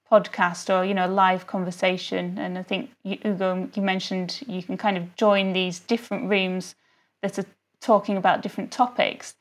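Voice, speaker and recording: Chatty woman guest on a podcast. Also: medium pitch. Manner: friendly, lots of "you know" fillers. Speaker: interview guest, photographer. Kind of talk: casual interview conversation.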